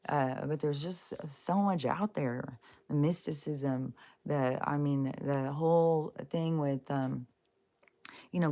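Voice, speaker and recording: A woman's voice: sits low, darkish tone. A woman vlogging in casual, rambling talk, blunt and profane, with many fillers and restarts. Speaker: spiritual vlogger.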